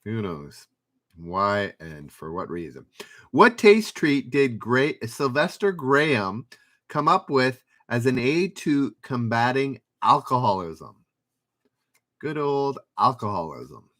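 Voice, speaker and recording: Male trivia livestream host, unhurried delivery, lively up-and-down pitch, dry asides between questions. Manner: reads questions and chat names, dry asides.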